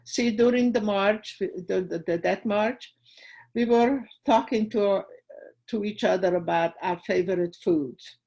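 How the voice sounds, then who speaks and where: A woman's voice: mid-range voice, unhurried, warm tone, rough recording. An older woman giving personal testimony to a school audience, retelling her memories vividly and acting out the dialogue. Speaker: guest speaker at a school.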